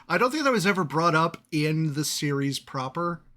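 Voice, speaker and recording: A man runs a tabletop game as game master, his voice bright and a touch high. He narrates in a chatty way, often breaking into laughter. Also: lively intonation, normal speed.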